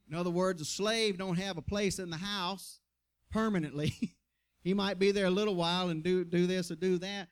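A man with a notably high voice delivers a sermon. He reads scripture aloud and then explains it in casual, folksy language. He keeps dropping amens to the congregation between thoughts. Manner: colloquial, folksy asides between readings. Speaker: pastor.

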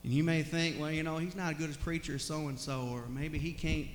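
Emotional pastor in an echoey church. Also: male voice, a little high, steady tone, brisk, slight background noise. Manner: emotional, heartfelt, repeats "God" and "Lord" often in prayer. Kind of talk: sermon and closing prayer. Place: church sanctuary.

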